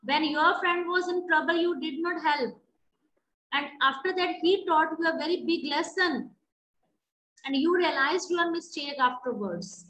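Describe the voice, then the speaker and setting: A woman's voice: very high voice, a little slow, bright, forceful tone, reverberant, low-quality recording. A woman teacher giving patient, explanatory feedback in an online class, often checking that students understand. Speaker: English teacher.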